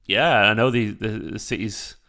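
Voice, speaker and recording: A man hosts a live football watchalong in a relaxed, sweary chat style, replying to viewers by name. His voice sits fairly low and carries a gravelly rasp. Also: moderate pace. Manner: casual and sweary, reading out chat messages. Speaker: fan channel host.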